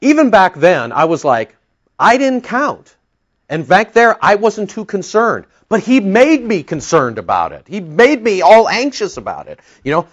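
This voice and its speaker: A male pastor preaches in a rambling, storytelling way, full of asides. His voice is fairly high for a man and swings widely in pitch. The recording has a muffled, lo-fi sound. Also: sing-song, a little slow. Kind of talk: sermon. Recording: dull lo-fi recording.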